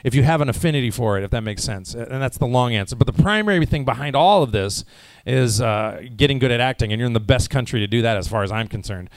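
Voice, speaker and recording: Speaking quickly with few pauses, a voice actor from the United States answers fans at an informal panel Q&A in an expressive, medium-pitched voice. The American man is a little jet lagged, and his answers ramble chattily with many fillers and restarts. There's a slight hiss or hum.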